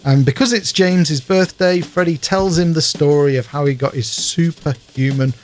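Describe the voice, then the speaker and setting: An English man co-hosting a podcast, recapping scenes in a steady narrating way during casual chat. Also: fairly high pitch, normal speed, slight background noise. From England. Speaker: podcast co-host.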